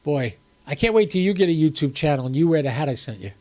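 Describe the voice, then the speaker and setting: A man's voice: fairly high pitch, expressive, fast, a little mellow. Chatty older man, a bit stuffy. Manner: rambling, chatty, talks to viewers in chat. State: stuffy from a cold. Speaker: ham radio livestream host. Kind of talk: casual live-stream chat. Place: home room, seated on camera.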